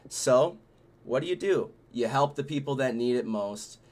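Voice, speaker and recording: A man's voice: medium pitch, lively intonation, normal speed, a little mellow. A man hosting a casual chat about a festival he organized, talking in a loose, profane, laid-back way. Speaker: festival organizer and show host.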